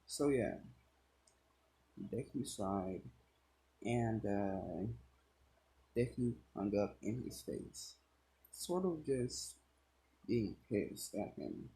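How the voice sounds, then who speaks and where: Slow, rambling young storyteller man. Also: on the low side, animated, mellow, low-quality recording. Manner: rambling asides, swears, many fillers. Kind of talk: casual fan-story narration.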